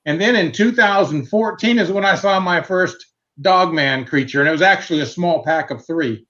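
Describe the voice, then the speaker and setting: Round table guest, man, high-pitched, casual and unhurried, muffled lo-fi sound. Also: pushed and bright. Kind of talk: casual personal account.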